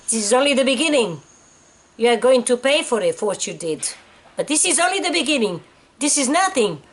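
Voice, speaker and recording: An older woman acting out a menacing male army officer who threatens a captive, with raised voice and pushed-up pitch. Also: animated, unhurried, a bit bright. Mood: threatening.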